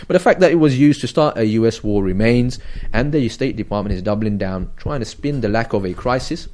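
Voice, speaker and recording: A man hosting a casual current affairs radio talk show, animated and joking, with many fillers and restarts. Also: medium pitch, a little fast. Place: radio studio.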